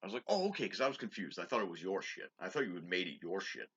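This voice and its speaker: Low-voiced guy in his 30s ranting casually, bright but kinda husky, sounds a bit dull and lo-fi. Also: animated. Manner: profane, halting, with many restarts and fillers. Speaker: vlogger. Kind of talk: casual rambling monologue. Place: his own bedroom.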